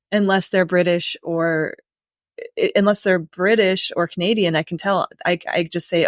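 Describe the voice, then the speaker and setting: A woman's voice: fairly low pitch, steady tone, moderate pace, dry recording, clean studio sound. An American woman from the United States hosting a podcast interview, conversational and thinking aloud. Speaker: podcast host.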